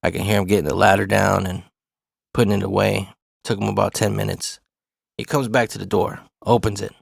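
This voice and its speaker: A man's voice: fairly low pitch, little pitch movement, fairly quick, creaky, no echo, studio quality. A man in his forties telling a personal story in laid-back, profane street talk. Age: 40s.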